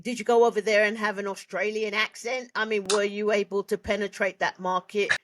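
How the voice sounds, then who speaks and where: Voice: medium pitch, little pitch movement, fairly quick, fairly bright tone. A podcast host in a casual interview who asks chatty, joking follow-up questions.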